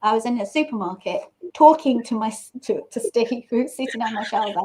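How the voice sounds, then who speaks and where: A middle-aged woman hosting a casual chat, playful and quick to laugh. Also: a little high, animated, a little mellow, poor audio. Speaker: host.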